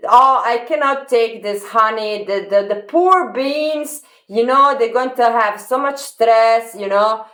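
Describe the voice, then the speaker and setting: Woman voicing a bear, tearful, apologetic, high-pitched, wailing. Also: takes it slowly, hardly any pauses, a bit bright, roomy sound. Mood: mock remorse. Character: tearful apologetic bear fretting over bees.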